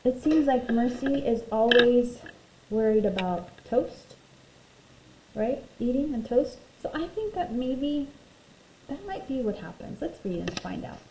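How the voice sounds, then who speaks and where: Female teacher, read-aloud lesson for kids, expressive, gravelly warm tone, roomy echo, faint hiss. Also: a little high, unhurried. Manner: expressive, talks to young pupils between read passages. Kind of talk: reading a picture book aloud to children. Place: home room, virtual class recording.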